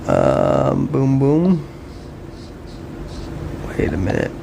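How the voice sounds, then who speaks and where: A man's voice: medium pitch, huge pitch swings, very slow, vocal fry, mellow, slight background noise. A man casually chatting while he plays, laid-back and chuckling, talking to himself and his dog. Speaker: streamer. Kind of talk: casual gameplay chat.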